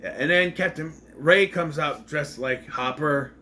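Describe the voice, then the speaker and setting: A man's voice: a little high, a little slow, bright, forceful tone, a little hiss or hum. A man casually recapping and reviewing a TV episode, rambling and correcting himself as he acts out the scenes.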